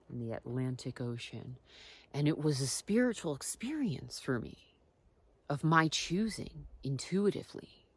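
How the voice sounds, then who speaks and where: A woman telling personal stories in a casual, reflective vlog. She drifts between soft asides and emphatic points. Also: a bass voice. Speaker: wellness vlogger.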